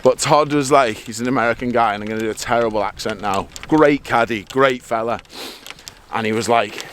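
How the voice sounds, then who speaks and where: A man hosting a golf vlog, chatting and telling stories excitably while playing a round outdoors. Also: mid-range voice, brisk. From England. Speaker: vlog host, golfer. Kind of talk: casual chat on the course. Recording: faint outdoor noise.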